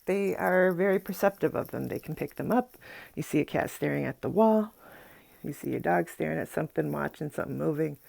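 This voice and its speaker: Low gravelly-voiced woman chatting casually. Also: darkish tone, slight background noise. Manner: chatty, rambling, frequent fillers and asides. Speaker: psychic and spiritual teacher. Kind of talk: casual chat to camera.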